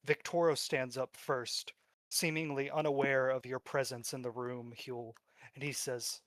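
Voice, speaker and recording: A man narrating a tabletop role-playing game as game master in a steady, descriptive storytelling manner. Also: mid-range voice, measured pace, no echo.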